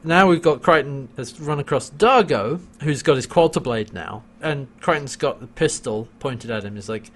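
Animated man with lively pitch. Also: normal speed, hardly any pauses. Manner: animated, laughs often, acts out quoted lines. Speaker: podcast co-host recapping a TV episode. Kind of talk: casual chat.

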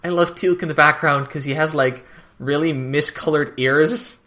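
Male co-host, bright tense tone, joking recap. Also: a little high, steady tone. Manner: joking, quotes lines in quick bursts. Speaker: podcast co-host. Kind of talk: casual chat recapping a TV episode.

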